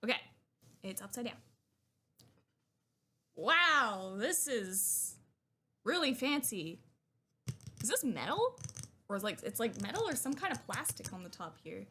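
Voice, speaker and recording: A young woman streamer chatting excitedly while unboxing, gushing and talkative. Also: a little high, measured pace, pauses often, slight background noise.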